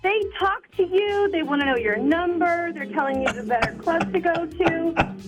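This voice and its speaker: A woman calling in to a radio show, telling stories in an animated, exclamatory way. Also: very high-pitched, normal speed, loud music behind the voice, low-quality recording. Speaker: caller. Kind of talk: casual phone chat on radio.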